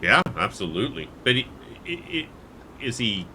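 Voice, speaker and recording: A man's voice: lowish voice, a little hiss or hum. A man running a tabletop role-playing game as game master, answering players and voicing the characters they meet. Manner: slow, lively delivery, voices non-player characters.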